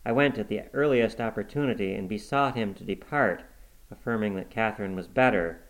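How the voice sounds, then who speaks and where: Low-voiced man reading a novel aloud. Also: poor audio. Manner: measured, dramatic storytelling. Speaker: audiobook reader. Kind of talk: first-person novel narration.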